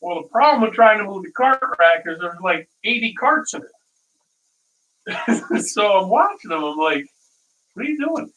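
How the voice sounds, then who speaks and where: A man's voice: high-pitched, animated, moderate pace, pauses often, bright, forceful tone. A man hosting a casual live cooking stream, rambling through stories and chuckling at his own dad jokes, from a distant mic.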